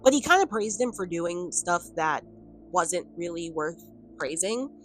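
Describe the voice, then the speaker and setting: A woman's voice: lowish voice, expressive, measured pace, a bit bright, slight background noise. A woman talking casually to camera in a commentary vlog, rambling with lots of fillers and the odd laugh. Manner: rambling, filler-heavy with frequent "like" and "um"; chatty, laughs between points. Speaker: video commentator. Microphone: camera on a stand.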